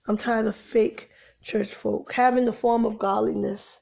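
Woman preacher, slightly high voice, informal impassioned sermon, soft near-whispered asides. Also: level tone, measured pace, creaky. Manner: preachy, rising to exasperated emphasis, drops to soft near-whispers.

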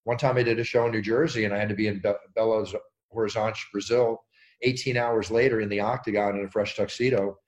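A middle-aged man, an interview guest, telling animated stories with energy and acting out quotes and sound effects. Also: on the low side, quick pace, muffled recording. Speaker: interview guest, ring announcer. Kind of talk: animated storytelling.

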